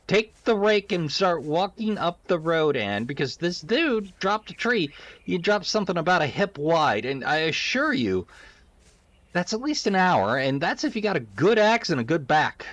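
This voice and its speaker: A man's voice: high voice, sing-song, moderate pace, a bit bright, dry recording. A man giving wry, casual commentary over a horror game, chatty and suspicious, swearing now and then. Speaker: let's-play host.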